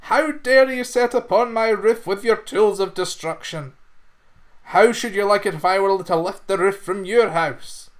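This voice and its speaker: A man's voice: high-pitched, a little slow, voice pushed up. A man voicing a small, angry female fairy who scolds an intruder in an indignant tone.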